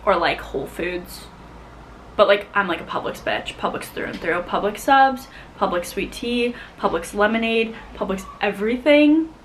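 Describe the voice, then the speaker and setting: A young woman from the United States chatting casually to camera as a vlogger, animated and full of "like". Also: medium pitch, moderate pace, a little hiss or hum, low-quality recording. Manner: chatty, animated, heavy use of "like". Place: home in Scotland.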